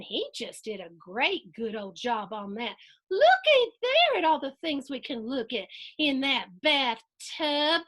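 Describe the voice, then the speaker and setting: A woman hosting a storybook reading for children, animated and sing-song, chatting with her young listeners between pages. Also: high-pitched. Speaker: host reading a picture book to children. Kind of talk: storybook read-aloud for kids.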